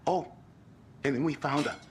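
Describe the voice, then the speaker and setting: A man's voice: on the high side, normal speed, slight background noise, lightly acted. A man voicing a jittery, rattled male tourist in a video game, telling what he saw in a rambling way. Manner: animated, rambling storyteller.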